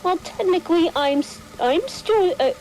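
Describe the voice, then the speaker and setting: A woman's voice: extremely high pitch, animated, normal speed, darkish tone, faint music behind, low-quality recording. A woman joining a gaming stream as a guest, chatting casually in a hesitant way with many fillers. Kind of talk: casual chat.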